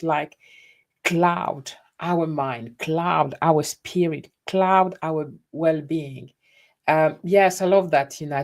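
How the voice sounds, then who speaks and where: A woman's voice: lowish voice, darkish tone. A woman from France with a French accent, hosting a casual livestream, greeting viewers by name and often restarting her sentences. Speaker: livestream host. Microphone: webcam livestream setup.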